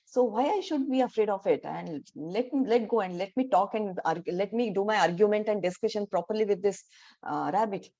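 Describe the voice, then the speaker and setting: A woman with an Indian English accent voicing a boastful, hungry male crocodile in a spoken fable, talking in a halting way with fillers. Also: medium pitch, dark tone, lo-fi sound, natural voice. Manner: plain storytelling voice with halting fillers.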